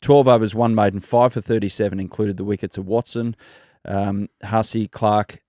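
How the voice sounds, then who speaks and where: Aussie host, low voice, asks the questions, dry sound. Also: male voice, fairly even intonation, moderate pace, mellow, dry recording. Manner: asks leading questions, reads stats. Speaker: podcast host. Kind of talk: hosting interview questions.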